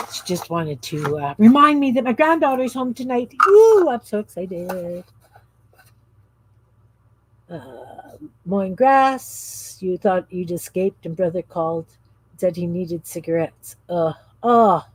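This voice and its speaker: A woman in her fifties hosting a craft livestream, chatting casually in a rambling, easily sidetracked way. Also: a little high. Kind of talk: casual chat while crafting.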